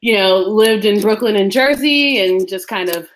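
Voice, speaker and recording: A woman's voice: mid-range voice, normal speed, slight background noise. A woman in her twenties from the US East Coast, a giggly podcast guest with lots of ums. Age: 20s. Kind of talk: casual chat.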